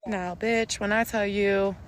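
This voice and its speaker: A woman telling an animated, profane story about coworkers. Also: mid-range voice, unhurried. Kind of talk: casual storytelling.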